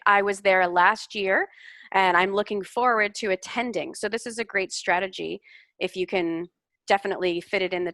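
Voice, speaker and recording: A woman coaching a student's English over a video call, patient and encouraging. Her voice is bright and clear, recorded dry and close with no room sound. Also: mid-range voice, no echo. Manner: encouraging, explains corrections patiently. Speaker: English speaking tutor. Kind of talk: online tutoring feedback.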